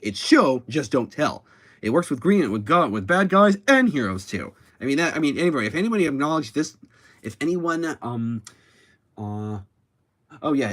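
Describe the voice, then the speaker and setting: A man's voice: mid-range voice, a bit bright. A man hosting a YouTube channel, recapping a story in a rambling, self-correcting way. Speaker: YouTube host.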